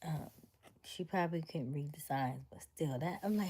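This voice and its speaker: Mellow-voiced woman retelling gossip. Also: low-pitched, moderate pace, breathy edge. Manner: animated, incredulous retelling. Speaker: livestream host. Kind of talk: casual storytelling to chat.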